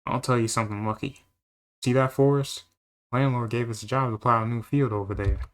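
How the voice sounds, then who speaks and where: A man voicing a stern male farmer scolding his lazy brother in a fan-dubbed game, gruff and impatient. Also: medium pitch, fairly even intonation, a little fast, lightly acted.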